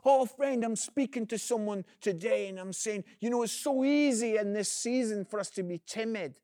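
High-voiced earnest male evangelist. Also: moderate pace, no echo, studio quality. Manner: earnest, calls the listener "friend"; energetic, swings between loud emphasis and quiet. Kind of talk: inspirational video message.

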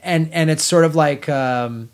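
Here a middle-aged man shares hosting duties on a podcast, giving a casual film review. His tone is animated and frank, full of swearing and restarted sentences, delivered unhurriedly in a highish voice.

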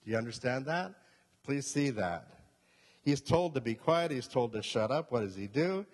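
A man's voice: medium pitch, expressive, normal speed. A male pastor preaching a sermon, emphatic, repeating key points and asking the congregation questions. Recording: long reverb of a hall.

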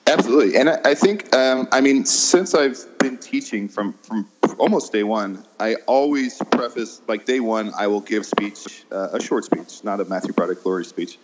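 A man's voice: fairly low pitch, normal speed, hardly any pauses, a little hiss or hum. A man, an improv teacher chatting as an interview guest, hesitant with many ums and laughing at himself. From American Midwest. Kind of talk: casual interview chat. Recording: dull lo-fi sound.

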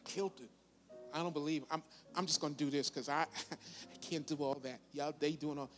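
A man in his fifties preaching a sermon as pastor, swinging between loud, high bursts and quiet conversational asides. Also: steady tone, moderate pace, faint music behind. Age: 50s.

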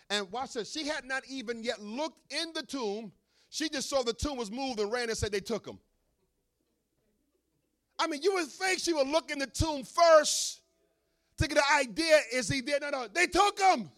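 A middle-aged man, a pastor, preaching an animated sermon with humorous asides to his congregation. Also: extremely high pitch, moderate pace.

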